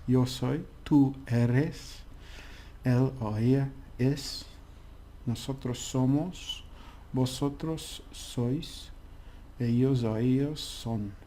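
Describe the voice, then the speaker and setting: A man's voice: medium pitch, takes it slowly, mellow, slight background noise. A man giving a casual language lesson, chatty and rambling with many restarts. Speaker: language teacher.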